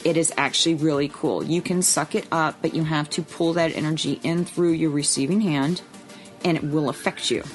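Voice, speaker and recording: A woman's voice: low-pitched, fairly even intonation, normal speed, soft background music. A woman co-hosting a podcast in casual chat, explaining earnestly with frank asides. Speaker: podcast co-host.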